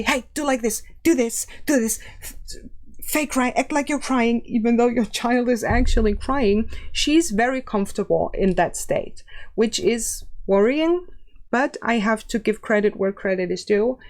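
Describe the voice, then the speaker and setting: A woman commenting on camera in a casual, measured tone, at an ordinary middle pitch. She speaks plainly and evenly as she critiques. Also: darkish tone. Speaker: commentary YouTuber.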